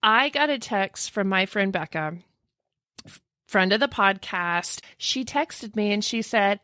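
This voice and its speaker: A woman's voice: medium pitch, measured pace, dry recording, clean studio sound. A woman co-hosting a podcast, reading a listener's email aloud in casual chat and gasping and laughing as she tells it. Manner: animated storyteller, gasps and laughs often. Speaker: podcast co-host.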